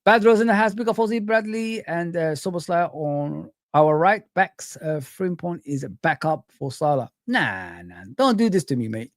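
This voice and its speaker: A man hosting a casual livestream, chatting lively and reading out and greeting his chat. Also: on the high side, moderate pace, hardly any pauses, no echo, studio quality. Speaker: livestream host.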